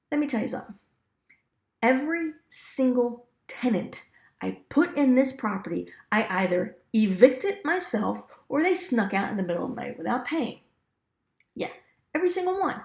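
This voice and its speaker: A woman talks straight to the listener in a casual storytelling style, her voice carrying a gravelly fry. She laughs easily and acts out little quoted asides. The recording has a noticeably roomy echo. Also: mid-range voice. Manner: chatty, laughs often, lively quoted asides. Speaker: real estate investor sharing stories.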